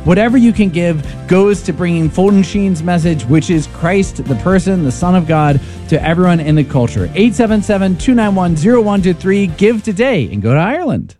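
A male radio co-host makes an earnest, persuasive fundraising appeal, sometimes tripping over his words. His voice sits a bit high but sounds mellow. It is recorded dry with faint music underneath. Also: animated. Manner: earnest, persuasive, quick with repetitions. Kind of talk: pledge drive radio appeal.

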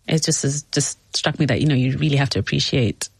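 A woman hosting an interview, speaking gently and supportively and reflecting back on her guest's story. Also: a bass voice, moderate pace, gravelly, slightly rough, dry recording. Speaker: host. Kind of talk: interview conversation.

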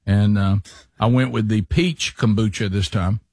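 A middle-aged man, a podcast co-host telling a rambling, animated story in casual chat. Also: on the low side, a little slow, dry recording, clean studio sound. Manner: rambling, animated anecdotes with restarts.

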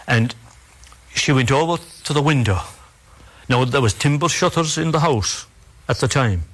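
A man with an Irish accent telling an oral folk tale in a measured, dramatic way, with repetitions and pauses. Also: mid-range voice, expressive. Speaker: storyteller.

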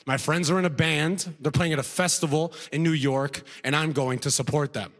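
A young male comedian works a live stage set in a loose, self-deprecating way, dropping "right?" after his jokes. His voice sits a touch high. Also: moderate pace, a bit bright, big-room sound. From Sudan. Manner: conversational, self-deprecating, frequent "right?" tags and laughs. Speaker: stand-up comedian. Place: comedy club stage before a live audience.

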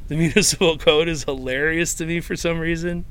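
A man's voice: fairly high pitch, steady tone, brisk, fairly bright tone. A man from Chicago, a podcaster, answering interview questions in a playful way. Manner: playful, laughing. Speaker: podcaster and musician.

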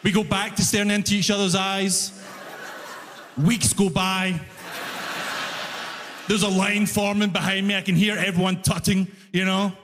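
A man doing stand-up comedy on a music hall stage, telling stories with animated exasperation, often breaking into shouts. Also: high-pitched, a little slow, long pauses, noisy background. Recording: long reverb of a concert hall.

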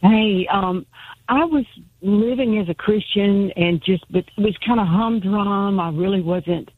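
A woman calling in to a radio show to share a personal testimony, halting and searching for words. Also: medium pitch, breathy edge, no room sound. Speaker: caller. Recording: tinny phone line.

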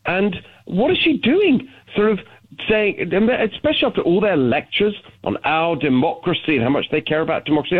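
A man with a British accent, calling in as a guest on a talk radio show, talking in an animated way and often restarting his sentences. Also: high-pitched, moderate pace, slightly rough. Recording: phone-line call-in audio.

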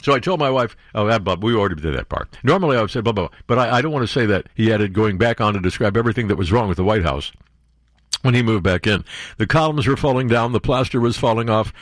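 A man's voice: on the low side, animated, fast, no room sound, studio quality. A man hosting a talk radio show, reading news aloud and breaking in with sarcastic, mocking commentary.

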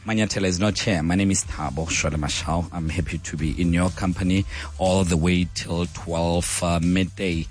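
A man hosting a live talk radio show with a croaky voice, chatting and rambling with frequent fillers and restarts. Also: low voice, steady tone, moderate pace, darkish tone, faint music behind. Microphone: studio microphone.

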